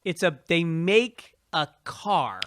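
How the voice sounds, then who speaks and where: A man's voice: on the high side, lively intonation, takes it slowly, a bit bright, no room sound. A man hosting a comedy podcast, wry and riffing, steering the talk back on topic. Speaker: podcast host. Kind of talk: casual comedic chat.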